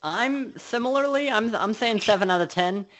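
Hesitant man with lively pitch. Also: moderate pace. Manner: hesitant, many restarts and fillers, lively pitch. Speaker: podcast co-host. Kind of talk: casual film review chat.

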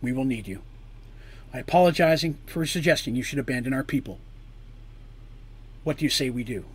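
Guy doing tired queen lady, measured, steady. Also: medium pitch, husky, voice pushed down. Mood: conceding. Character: weary, steady woman queen and leader.

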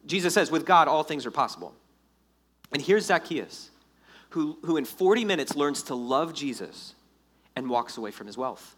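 Animated male preacher, conversational sermon. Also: fairly high pitch, normal speed, breathy edge. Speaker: pastor.

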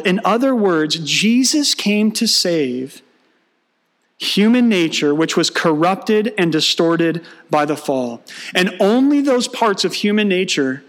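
A man's voice: high-pitched, lively intonation, slow, fairly bright tone. A male pastor preaching a sermon, mixing teaching with humorous storytelling and acted-out dialogue.

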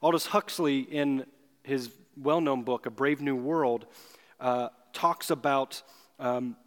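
A man preaching a sermon as pastor, earnest and emphatic, slowing down to stress key words. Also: mid-range voice. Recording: long hall reverb.

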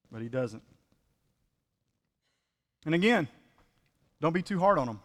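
A man's voice: a little high, in a large hall. A man preaching a conversational sermon as pastor, full of rhetorical questions.

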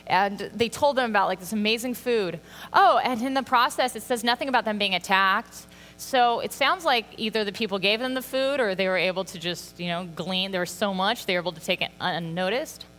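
A woman giving a sermon in a relaxed, conversational way, filling pauses with "like" and "um". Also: a little high. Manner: conversational, lots of "like" and "um". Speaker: preacher. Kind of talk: casual sermon. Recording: long hall reverb with faint mains hum.

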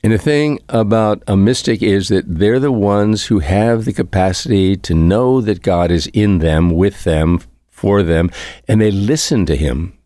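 A man with a very low, deep voice delivers a relaxed, conversational homily as a priest. He sounds reflective, circles back to repeat key phrases, and lets out an occasional soft chuckle. The sound is close and dry, with no room echo. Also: a little slow.

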